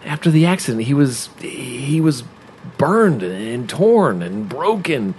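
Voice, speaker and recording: An actor playing a nervous young adult son who talks in a halting, stammering, uneasy way. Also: male voice, mid-range voice, big pitch swings, a little mellow, slight background noise.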